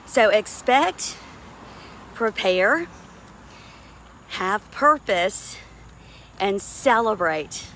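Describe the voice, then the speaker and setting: A woman's voice: on the high side, lively intonation, drawn-out words, pauses often, fairly bright tone, slight background noise. A middle-aged woman minister, preaching a sermon emphatically and laughing between points.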